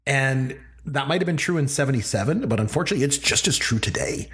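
A middle-aged man co-hosting a casual movie podcast, talking in an animated way and quoting lines in character. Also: mid-range voice, quick pace. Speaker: podcast co-host.

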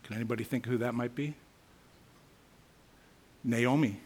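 A man's voice: mid-range voice, fairly even intonation, measured pace, a little mellow, husky. A man teaching a Bible lesson, earnest and musing, reading scripture aloud and reflecting on it. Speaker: preacher.

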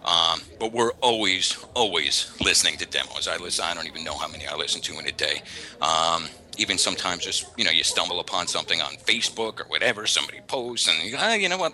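A man who works as a voice talent agent, talking frankly in a casual interview and acting out callers in quick asides. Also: sits low, bright, forceful tone. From New York area. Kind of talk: candid casual interview talk.

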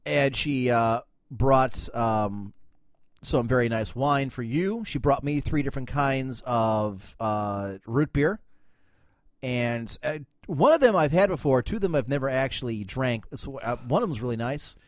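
A man's voice: medium pitch, lively intonation, a little slow, dry recording, studio quality. A man hosting a comedic news podcast, rambling casually, joking and reading stories aloud. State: coughing, lungs bothering him. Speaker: podcast host.

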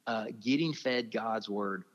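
A man's voice: lowish voice, measured pace, long reverb tail. A man, a ministry leader telling stories as an interview guest, heartfelt and earnest, often calling the listener "man". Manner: heartfelt, speaks with feeling, says "man" often. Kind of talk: earnest conversational storytelling. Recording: dull lo-fi audio.

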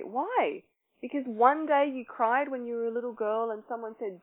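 Woman teaching self-love over tinny sound. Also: fairly high pitch. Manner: probing, asks many questions; soft and slow in meditation. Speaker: self-love workshop leader. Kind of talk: teaching talk and guided meditation.

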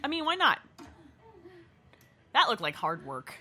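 Snarky woman mocking a film, lively and bright, swears a lot. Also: fairly high pitch, a little slow. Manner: swearing, snarky, laughs often. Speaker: movie commentator. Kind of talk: casual movie-watching chat.

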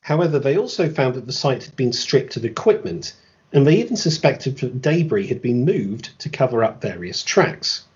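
A man delivers scripted history narration in a lively, swooping voice, peppering it with dry, sarcastic remarks. The recording sounds muffled and lo-fi. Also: medium pitch, normal speed. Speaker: podcast host.

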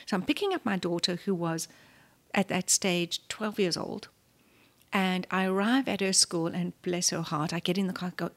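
A woman's voice: lowish voice, fairly even intonation, moderate pace. A woman in her fifties from South Africa with a South African accent, a guest in an interview who tells her story with animation and often drops to a near-whisper.

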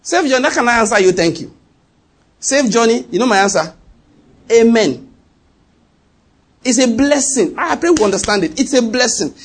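A middle-aged man preaching a sermon as a pastor, asking the congregation rhetorical questions and climbing higher in pitch when he presses a point. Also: lively intonation, fairly quick, slightly rough.

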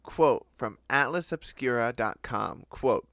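A man's voice: medium pitch, lively intonation, slow, gravelly, a bit bright, no echo. A man co-hosting a comedic podcast, telling a history story with lots of laughter and silly quoted voices. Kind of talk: casual comedic podcast chat.

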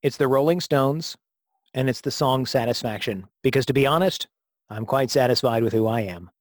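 A man's voice: mid-range voice, normal speed. A man from the United States co-hosting a podcast, joking and laughing easily. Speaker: podcast co-host. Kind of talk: casual chat.

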